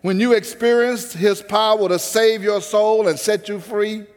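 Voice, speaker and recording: High-voiced preacher in a reverberant hall. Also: male voice, steady tone, measured pace. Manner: preaching cadence, calls to the congregation. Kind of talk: sermon.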